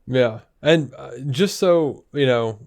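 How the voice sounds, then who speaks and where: A man's voice: medium pitch, slow, darkish tone. A man co-hosting a podcast, reading out news quotes and chatting casually about them. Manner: reads out news quotes, then chats. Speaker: podcast co-host.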